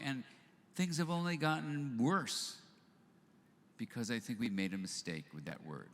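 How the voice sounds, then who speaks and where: A man's voice: medium pitch, unhurried. An older man giving a live talk to an audience, telling an anecdote and acting out both sides of the dialogue. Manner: animated storyteller who acts out both sides of a dialogue. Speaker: speaker at a live event. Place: event hall. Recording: live hall with long reverb, faint noise.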